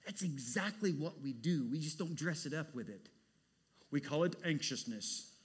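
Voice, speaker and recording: Animated preacher in echoing hall. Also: male voice, fairly high pitch, moderate pace, husky. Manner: animated preacher, swings from hushed to loud. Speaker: pastor. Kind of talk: sermon. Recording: long hall reverb.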